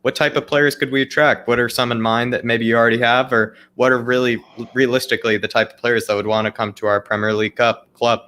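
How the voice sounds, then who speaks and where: A man hosting a casual football podcast, posing questions in a steady, methodical way. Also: medium pitch, quick pace, hardly any pauses. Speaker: show host asking questions.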